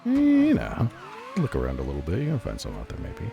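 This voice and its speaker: A man's voice: rumbling low, huge pitch swings, racing, vocal fry, highs cut off, background noise. A male streamer chatting casually while playing a game, laughing often and swearing freely. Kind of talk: casual gaming commentary.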